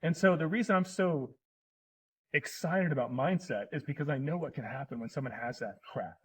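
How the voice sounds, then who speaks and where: A man's voice: on the high side, brisk, husky, poor audio. A middle-aged man in casual conversation as a podcast guest, telling personal stories in an earnest, emotional way.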